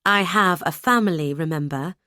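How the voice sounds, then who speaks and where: A woman's voice: lowish voice, normal speed, pushed and bright, dry recording, studio quality. A woman voicing a brusque, dutiful adult brother who talks bluntly and matter-of-factly in an audiobook. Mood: curt.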